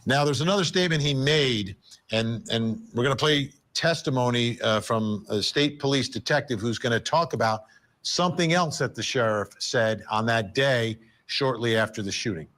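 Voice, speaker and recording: A man's voice: medium pitch, normal speed, fairly bright tone. A man hosting, plainly explaining video clips in a news-style presentation. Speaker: host.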